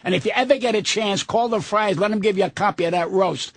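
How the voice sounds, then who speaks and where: An older man with a raspy, gravelly voice that sits fairly high goes off on a profane, combative rant. He is a veteran comic guesting on a talk radio show. The sound is close and dry, with no room around it. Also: quick pace, no echo. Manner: profane, combative, gruff ranting.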